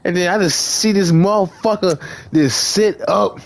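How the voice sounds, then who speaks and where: A young man in voice chat, rambling through a profane story full of "like" and restarts, acting out lines with shouts. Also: sits high, normal speed, gravelly. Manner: acts out quoted lines, shouting and laughing. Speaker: gamer in voice chat.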